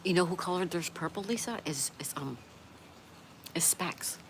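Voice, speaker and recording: A woman's voice: on the low side, animated, moderate pace. Chatty woman reading live chat aloud. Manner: reads viewer comments aloud, chatty, laughs often. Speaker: livestream host reading chat. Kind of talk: casual livestream chat. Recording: noticeable background noise.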